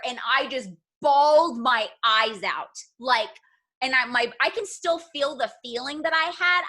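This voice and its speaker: Woman team leader, high and bright voice, animated and emotional motivational storyteller. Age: adult with children. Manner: emotional, animated, addresses listeners as "you guys". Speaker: direct sales team leader.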